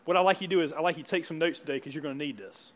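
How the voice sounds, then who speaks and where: A man's voice: a little high, very fast. A pastor preaching a sermon to a church congregation, conversational and full of questions to his listeners. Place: church service before a congregation.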